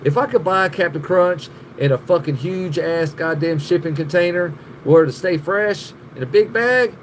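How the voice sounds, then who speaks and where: A man's voice: high voice, a little hiss or hum. Profane man rambling on a live stream. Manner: rambling, profane, laughing often, greeting viewers. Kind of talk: casual live stream chat.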